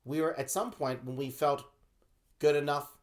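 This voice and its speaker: A man co-hosting a casual vlog, telling a story and getting loud and animated when he replays his own frustration. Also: fairly high pitch, normal speed. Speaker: co-host of a web show vlog.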